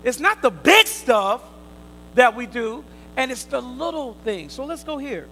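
A man preaching a sermon, quizzing his listeners in call and response, swinging from loud emphatic bursts to quiet asides. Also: very high-pitched, big pitch swings, a little slow, a little hiss or hum, rough recording.

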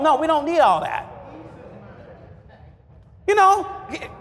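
A male pastor preaching with call-and-response, his voice pitched strikingly high. It carries a gravelly edge and swings widely as he rises to shouted refrains. The sound rings out in a hall with a long reverb. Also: very animated, normal speed. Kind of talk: sermon.

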